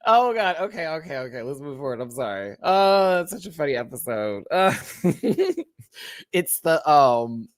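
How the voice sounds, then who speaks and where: Southern man, casual TV review, swooping lively pitch, giggly, dry close sound. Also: moderate pace, no room sound. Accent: Southern American. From Southern United States. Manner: animated, chatty, laughs often. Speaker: reality TV reviewer.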